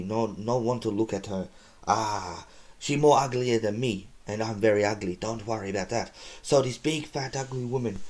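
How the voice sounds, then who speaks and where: A man's voice: medium pitch, darkish tone, natural voice. A man voicing a dim-witted male comedian who tells clumsy jokes in broken English.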